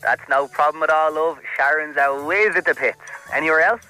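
A man's voice: on the high side, fairly quick, over music, lightly acted, low-quality recording. A man playing a chatty, cheeky salon receptionist who calls the caller love and hun.

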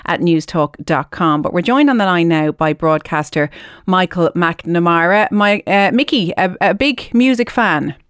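A woman's voice: on the low side, unhurried, smooth, no room sound, studio quality. A woman hosting a live radio show, engaging her guests in conversation. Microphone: studio microphone.

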